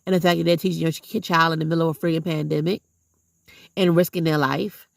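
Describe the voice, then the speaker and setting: Woman vlogger, gravelly fry, dry close sound, blunt and preachy. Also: sits low, fairly even intonation, quick pace, no echo. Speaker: vlogger and substitute teacher. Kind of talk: heartfelt casual vlog monologue.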